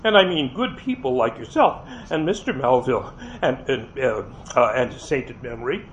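Expressive man reading a novel aloud. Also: mid-range voice, moderate pace. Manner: expressive, with slips and restarts. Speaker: reader. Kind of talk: first-person novel read aloud. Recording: dull lo-fi with faint hiss.

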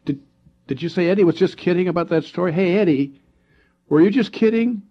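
An eager, stammering young boy at a campfire, put on by a man in a raised, lighter voice. His words tumble out in a quick, jumpy way. The reading has a husky edge and a dull, lo-fi sound. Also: medium pitch, expressive, pitched above the performer's own voice, natural voice. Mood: excited.

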